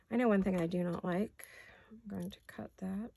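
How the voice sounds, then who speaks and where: A woman's voice: medium pitch, fairly quick, creaky, a little hiss or hum. A woman hosting a home crafting video, chatting casually and talking to herself as she works, with hiccups. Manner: chatty, talks to herself while working. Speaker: crafting channel host.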